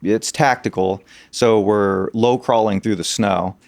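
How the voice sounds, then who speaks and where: A man speaks low and a little gravelly, chatting as a podcast guest. He talks haltingly, with plenty of fillers and restarts. The sound is dry and close, with no room around it. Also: steady tone, darkish tone, no room sound. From Arizona. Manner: hesitant, many fillers and restarts. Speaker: podcast guest, political consultant. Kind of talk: casual storytelling.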